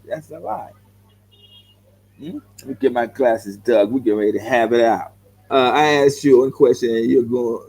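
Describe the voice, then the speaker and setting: A man's voice: mid-range voice, normal speed, mellow, low-quality recording. A middle-aged man with a Los Angeles accent, a vlogger giving a heated, blunt answer to viewer comments straight into the camera. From South Central Los Angeles, United States. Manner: blunt, confrontational, repeats himself, calls viewers bro. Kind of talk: heated direct-to-camera rant.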